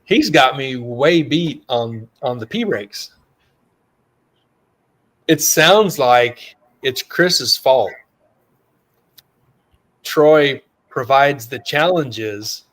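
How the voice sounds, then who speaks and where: A man hosting a casual interview, making easygoing remarks and short words of agreement. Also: medium pitch. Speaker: show host.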